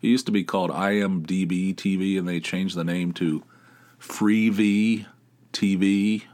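A middle-aged man hosts his own solo podcast, chatting casually in a rambling, wry way and swearing freely. His voice is low and steady, a little slow, with a darkish tone.

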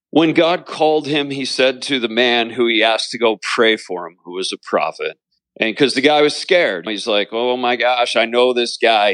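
A man's voice: fairly low pitch, fairly bright tone, dry recording. A man, a pastor, telling his story in an interview, with an earnest preaching cadence and repeated phrases. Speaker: pastor and author.

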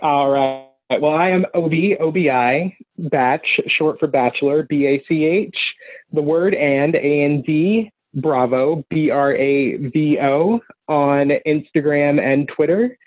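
A man's voice: a little high, takes it slowly, no echo. A man chats as a podcast guest in an easygoing way, laughing along often. His voice comes through a thin, phone-like line with no room sound at all. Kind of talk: casual podcast chat.

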